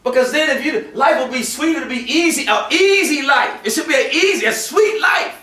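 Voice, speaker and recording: A man giving a Friday sermon, switching between shouted acted-out voices and hushed, quiet passages. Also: very high voice, animated, moderate pace. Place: mosque prayer hall. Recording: echoey room from a distance.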